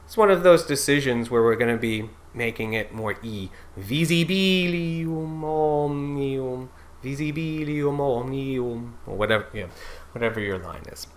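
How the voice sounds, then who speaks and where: A man teaching German-style Latin pronunciation, talking haltingly with many fillers and slowly singing out example words. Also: mid-range voice. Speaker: diction coach.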